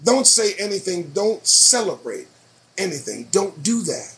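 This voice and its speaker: A man's voice: high-pitched, big pitch swings, unhurried, fairly bright tone. A man hosting his own show, reading news headlines aloud and reacting to them with profane, sarcastic commentary. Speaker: show host.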